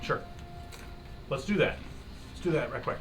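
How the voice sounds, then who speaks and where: A man runs a tabletop session, joking his way through the rules at an ordinary pitch. The mic sits some way off, and clear music plays behind his voice. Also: normal speed, a bit bright, recorded from a distance. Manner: laid-back, joking, laughs often. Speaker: game master. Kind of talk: running a tabletop game, casual chat.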